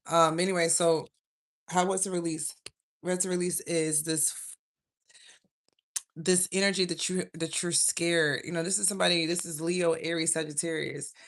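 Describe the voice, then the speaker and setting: A woman's voice: on the low side, steady tone, normal speed. A woman giving a casual, rambling tarot reading on a livestream, often breaking off mid-thought. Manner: rambling, chatty, self-interrupting. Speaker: tarot reader.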